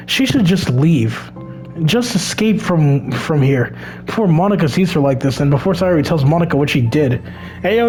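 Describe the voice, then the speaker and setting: A man's voice: fairly high pitch, darkish tone. A man reading a visual novel aloud for a let's play, stumbling over words and dropping crude asides.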